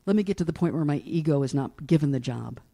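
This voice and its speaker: A woman's voice: deep voice, animated, fast talker, vocal fry, warm tone. A middle-aged woman pastor from East Tennessee giving a folksy, storytelling sermon and often asking her congregation "right?".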